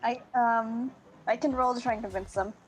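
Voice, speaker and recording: A woman's voice: fairly high pitch, steady tone, moderate pace, low-quality recording. A woman playing a tabletop game who talks in a chatty, hesitant way with many fillers. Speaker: player.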